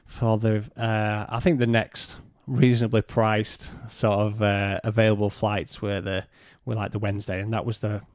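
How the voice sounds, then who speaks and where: A man, a podcast guest, telling a personal story in a halting way and retelling what was said in his own words. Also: fairly low pitch, flat delivery, a little mellow, no echo, studio quality.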